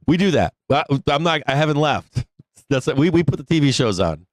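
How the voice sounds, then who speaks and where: A man's voice: fairly high pitch, sing-song, slow pace, long pauses, dry recording. A man hosting a live stock trading show, chatting casually, rambling and swearing freely, often breaking into laughter. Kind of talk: casual live-stream talk.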